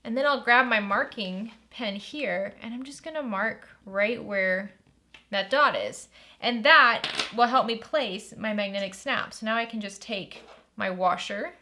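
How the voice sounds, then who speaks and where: A woman's voice: a little high, measured pace, bright, forceful tone. A woman hosting a step-by-step sewing tutorial, upbeat and chatty as she walks through each stage and enthuses over the bag.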